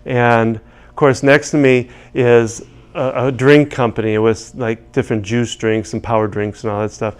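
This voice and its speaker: Rambling man with a smooth voice. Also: medium pitch, flat delivery, moderate pace. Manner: rambling, many restarts and "you know"s. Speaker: EFT practitioner. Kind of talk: casual teaching with anecdotes.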